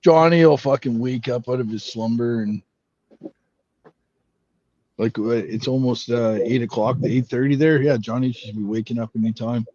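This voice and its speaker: A man's voice: mid-range voice, moderate pace, warm tone, no room sound. Laid-back man on lo-fi audio. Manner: laid-back, swearing, repeats himself. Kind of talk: casual chat. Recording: dull, dry lo-fi audio.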